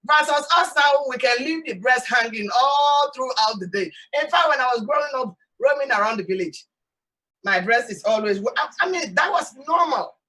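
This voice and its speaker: A woman from Sierra Leone with a Sierra Leonean accent, hosting an animated, emphatic talk monologue outdoors. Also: high-pitched, moderate pace, recorded from a distance, rough recording. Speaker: host. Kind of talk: casual talk show monologue. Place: outdoors in hot sun.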